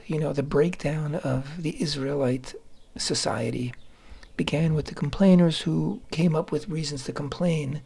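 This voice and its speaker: A man's voice: on the high side, gravelly, mellow, slightly rough. A man co-hosting a radio show, explaining a scripture passage in a talky, explanatory way and glossing Hebrew terms with frequent restarts. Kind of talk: Torah commentary talk.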